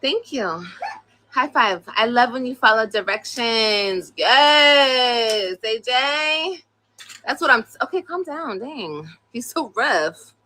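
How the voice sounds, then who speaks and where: A woman's voice: on the high side, animated, a little slow, sharp tone, slight background noise. A young woman on a casual live stream, blunt and profane, scolding her children between complaints about critics. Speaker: livestreamer.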